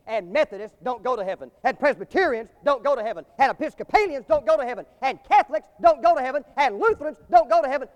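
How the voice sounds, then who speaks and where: High-voiced preacher in an echoing hall. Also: male voice. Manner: preaching with a swelling cadence, rising to loud climaxes. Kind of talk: sermon. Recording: long hall reverb.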